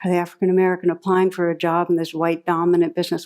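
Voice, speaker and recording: A woman's voice: fairly low pitch, fast talker, hardly any pauses. A woman meditation teacher giving a talk to a live audience, telling anecdotes and reflecting aloud. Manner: warm storytelling, lively when recounting anecdotes.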